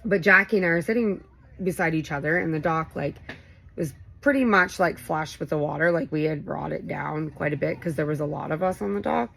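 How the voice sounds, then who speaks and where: Brief: thirties woman, casual vlogger, low gravelly fry, chatty and rambling. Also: a little fast, rough recording. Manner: animated, rambling, lots of fillers. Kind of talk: casual storytelling chat. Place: home, late night.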